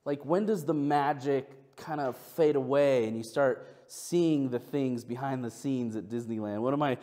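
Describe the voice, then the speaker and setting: Storytelling male pastor, animated delivery. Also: a little slow. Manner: storytelling, acts out family dialogue with big pitch jumps. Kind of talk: sermon.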